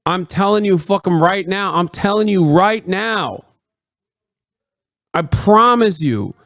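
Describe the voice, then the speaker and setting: A man in his thirties ranting excitedly and profanely while commentating on a live stream. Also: sits high, takes it slowly, dry recording, studio quality.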